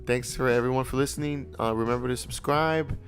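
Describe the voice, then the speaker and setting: A man's voice: medium pitch, a little fast, faint music behind. A young man hosting a podcast among friends, joking around and retelling scenes in a loose, rambling way. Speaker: podcast host. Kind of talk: casual chat.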